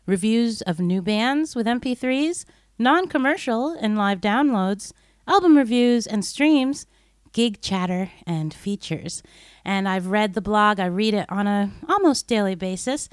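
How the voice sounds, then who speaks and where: A woman's voice: mid-range voice, smooth, dry recording, clean studio sound. A woman hosting a music podcast, chatting casually, laughing along, and spelling out web addresses. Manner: chatty, giggly, reads web addresses slowly. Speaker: podcast host. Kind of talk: casual podcast chat with promo reads.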